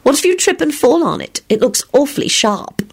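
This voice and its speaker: A woman's voice: sits high, big pitch swings, fairly quick, vocal fry, voice pushed up, heavily acted. Casting: woman playing a prim, shy young lady for a storybook, raised, sweet, practical delivery.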